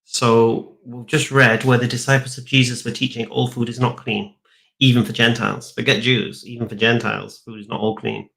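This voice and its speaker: A man's voice: mid-range voice, normal speed, creaky. A man, arguing a point in a debate. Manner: animated, argumentative. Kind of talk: debate argument with comic storytelling.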